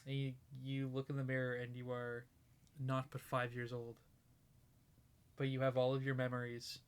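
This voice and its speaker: A woman's voice: extremely low pitch, monotone, moderate pace, smooth. A young woman co-hosting a podcast in casual chat, spinning absurd hypothetical scenarios and laughing often. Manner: spins absurd hypotheticals, giggly. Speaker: podcast co-host.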